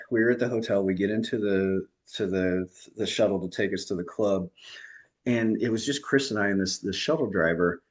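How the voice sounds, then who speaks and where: A man doing stand-up comedy on a video call, telling chatty stories and laughing at his own punchlines. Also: fairly low pitch.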